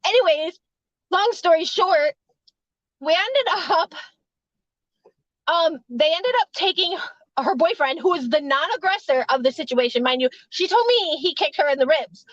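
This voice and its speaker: A woman's voice: very high-pitched, lively intonation, a little slow, no room sound, muffled recording. A woman who works a hotel front desk, telling a story casually, rambling, swearing freely and laughing between lines.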